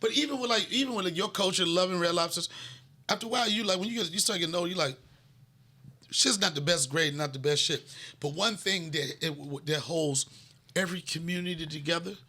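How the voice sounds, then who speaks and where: A middle-aged man riffing through a casual comedy chat with a bright, ringing tone and a voice that sits a little high for a man. He jokes loosely, trails off and circles back over his own phrases. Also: fairly quick. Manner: loose, joking, trails off and repeats himself. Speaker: host.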